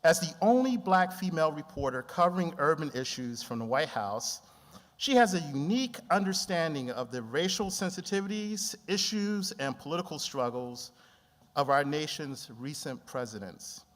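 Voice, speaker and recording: A man hosting a conference, reading a measured, formal introduction of the keynote speaker. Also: fairly high pitch, sing-song. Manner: measured, formal, slows for emphasis. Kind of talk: scripted introduction. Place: large conference hall. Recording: long hall reverb.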